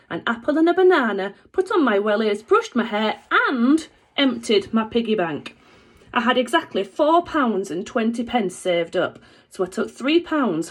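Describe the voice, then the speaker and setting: A woman reads a children's book aloud, expressive and animated. Her voice sits mid-range and moves a lot. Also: medium pitch. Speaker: teacher reading aloud.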